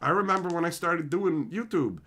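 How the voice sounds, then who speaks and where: A man's voice: a little high, lively intonation, a little fast, pushed and bright. A young man hosting a livestream, ranting in a brash, profane, swaggering way. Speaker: livestream host. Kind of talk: casual livestream rant.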